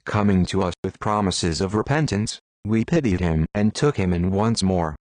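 A man with a fairly low voice narrates an audiobook in a measured, solemn way. The sound is dry and close. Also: a little mellow, no room sound. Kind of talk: scripted narration.

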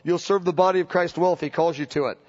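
A man's voice: high-pitched, steady tone, fast. A man preaching a sermon with passion, often restarting his sentences and acting out quotes from scripture. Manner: impassioned, with many restarts and acted-out quotes. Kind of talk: sermon teaching. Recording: dull lo-fi sermon recording.

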